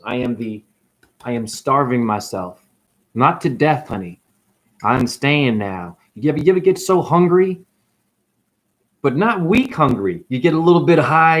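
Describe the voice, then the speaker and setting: A man vlogging a rambling, profane spiritual rant, preaching with big swings in pitch.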